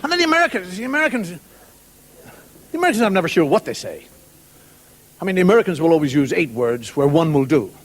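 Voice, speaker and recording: A man's voice: high voice, big pitch swings, quick pace, long pauses. A man doing a wry, conversational stand-up monologue in a television studio in front of a live audience. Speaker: comedian. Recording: 1990 TV broadcast, audience laughter.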